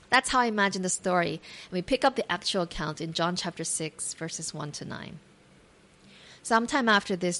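A woman with a slightly low voice tells a Bible story as a devotional talk. She reads scripture aloud and then imagines the scene in her own words, adding gentle asides to the listener. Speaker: devotional speaker.

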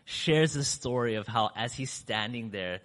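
A man speaking to a church audience, telling a story in a chatty, animated way and acting out what people said with big swings in his voice. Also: a little slow. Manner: acts out quoted speech with big pitch swings; chatty, with fillers and restarts. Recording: long hall reverb.

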